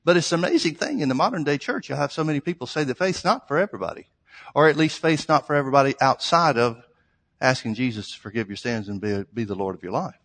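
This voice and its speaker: Man, preacher, sermon, storytelling, scripture reading, halting restarts, long hall reverb. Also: medium pitch, lively intonation, a bit bright.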